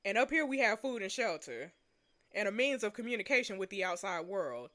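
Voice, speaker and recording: An anxious, logical young woman survivor in a story game, as a woman reads her aloud. She speaks in a subdued, earnest way, her lines lower and quieter than the reader's own talk. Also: lively intonation, a little fast, lightly acted.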